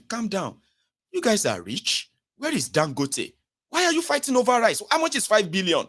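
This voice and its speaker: A young Nigerian man with a Pidgin-inflected accent giving a mocking, animated satirical political monologue, swinging from loud rants to low mutters. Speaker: political commentator.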